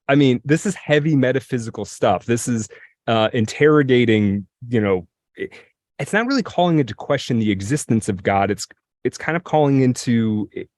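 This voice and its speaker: Podcast co-host, male, mid-pitched, dry studio sound, professorial and chatty. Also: darkish tone, no room sound. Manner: lecturing, reads verse slowly, clears throat often. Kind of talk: casual chat, reading poems aloud.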